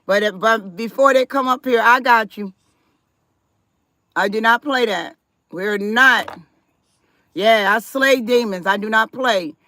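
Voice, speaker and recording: A woman with a high, bright voice talks her way through a live stream. She is chatty and reads viewer comments aloud, and she stays firm about respect. The sound is dry and close, with no room echo. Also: a little slow, pauses often. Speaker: livestream host.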